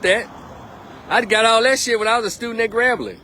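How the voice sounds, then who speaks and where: A man's voice: high-pitched, fast, bright, forceful tone, slight background noise. A man giving a blunt, emphatic political monologue on a live stream, repeating his points.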